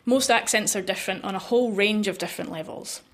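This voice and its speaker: A woman linguistics researcher explaining her work in an interview, lively and quick to laugh. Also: medium pitch.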